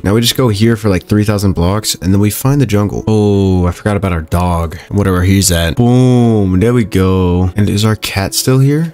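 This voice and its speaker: Young man, lowish voice, gameplay commentary, chatty, upbeat, thinking aloud. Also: a little mellow. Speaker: gaming YouTuber.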